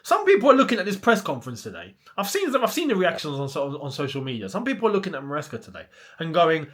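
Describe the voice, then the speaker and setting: A man's voice: fairly high pitch, huge pitch swings, fast. A young man, hosting a casual football chat and ranting with plenty of rhetorical questions. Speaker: football channel host.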